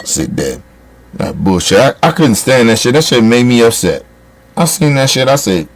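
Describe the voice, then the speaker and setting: A man's voice: medium pitch, big pitch swings, moderate pace. A man delivering a heated, profane political rant as a commentator, scolding his listeners.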